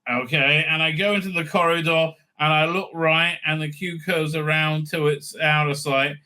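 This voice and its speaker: High, bright-voiced sarcastic man. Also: steady tone, normal speed. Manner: sarcastic, scornful asides, many fillers. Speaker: vlogger commenting on TV news. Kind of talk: casual reading and mocking commentary. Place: home with a dog nearby.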